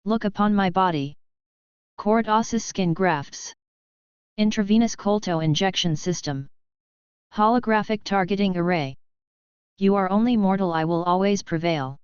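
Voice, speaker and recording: A woman voicing a menacing male cyborg crime lord in a storybook reading, who boasts slowly, like a sermon. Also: medium pitch, clear, resonant tone, dry recording, lightly acted. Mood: gloating. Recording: slightly dull, dry sound.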